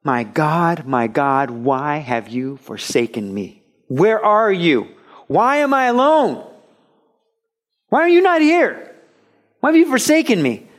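A man's voice: extremely high pitch, takes it slowly, voice pushed up. A man voicing an anguished man crying out in desperation, pleading with repeated questions. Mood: desperate.

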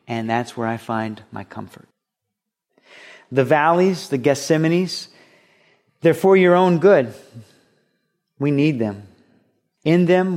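A male pastor delivers a sermon in an earnest, conversational way. His voice sits at an ordinary middle pitch, and he slips in light humor between scripture readings. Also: darkish tone.

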